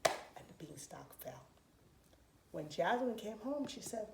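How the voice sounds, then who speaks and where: A woman telling a story to preschoolers in an expressive, playful, sing-song way. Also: medium pitch, takes it slowly, gravelly, background noise. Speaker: children's storyteller. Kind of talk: animated preschool story time. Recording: roomy echoey room, faint ambience.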